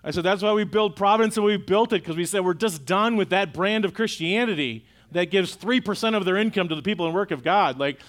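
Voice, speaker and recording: A man's voice: high-pitched, fairly quick, few pauses, fairly bright tone. A middle-aged man preaching a sermon in a church auditorium, in a conversational way that keeps asking the congregation questions. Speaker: pastor.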